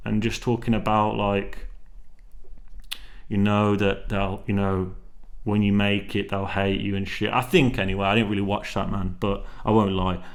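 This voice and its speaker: A man's voice: on the low side, flat delivery, moderate pace. A young man talking casually to camera, rambling and slangy, with lots of restarts and swearing. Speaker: vlogger. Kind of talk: casual solo vlog chat.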